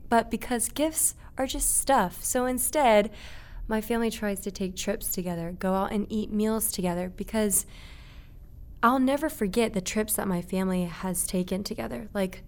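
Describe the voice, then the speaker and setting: A woman's voice: mid-range voice, darkish tone. A young adult woman, a guest in a casual interview, speaking earnestly and reflectively and laughing easily.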